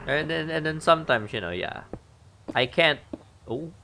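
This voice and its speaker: A man's voice: a little high, animated, moderate pace, creaky, sharp tone, a little hiss or hum. A man streaming a game and chatting casually, thinking aloud about what he is building and poking fun at himself. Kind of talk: casual gameplay stream talk.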